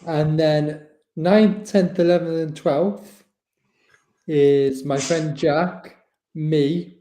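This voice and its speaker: A man from the UK hosting a podcast in casual chat, running through names briskly. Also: on the high side, fairly even intonation, dark tone, roomy sound. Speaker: podcast host.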